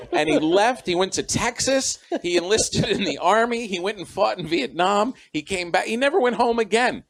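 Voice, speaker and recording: A man's voice: high voice, animated, fairly quick, hardly any pauses. A middle-aged man, a comedian guest, chatting in an interview and telling anecdotes where he acts out the voices of the people in them. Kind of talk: storytelling interview chat.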